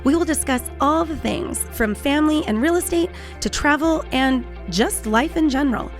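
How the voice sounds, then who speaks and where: A woman's voice: high voice, moderate pace, soft background music. A woman in her forties with a Californian accent, hosting a podcast in casual chat, talkative, laughing often and swearing offhandedly. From Southern California. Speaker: podcast host.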